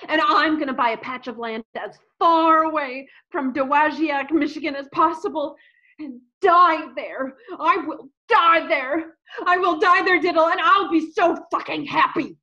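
An actress playing a greedy, entitled young newlywed with profane, theatrical outbursts in a comedic audio drama. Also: female voice, sits high, measured pace, bright, forceful tone, highs cut off. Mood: giddy.

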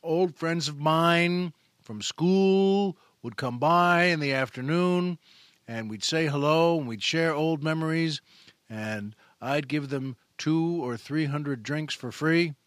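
A man hosting a podcast in a playful comic monologue, joking and correcting himself, then reading poetry slowly and dramatically. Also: on the high side, a bit bright, no echo, studio quality. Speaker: podcast host.

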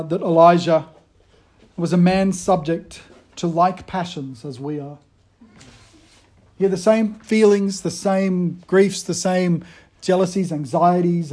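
High, mellow-voiced man preaching. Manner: conversational, shifts between loud emphasis and quiet retellings. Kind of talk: sermon.

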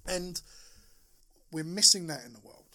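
A man's voice: high voice, lively intonation, a little slow, pushed and bright. A man co-hosting a podcast, talking bluntly and emphatically in casual chat, swearing often. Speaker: podcast co-host.

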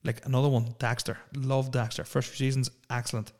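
A man's voice: mid-range voice, level tone, brisk, darkish tone. A man, hosting a solo podcast and ranting in a profane, opinionated, rambling way. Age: 30s. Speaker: podcast host.

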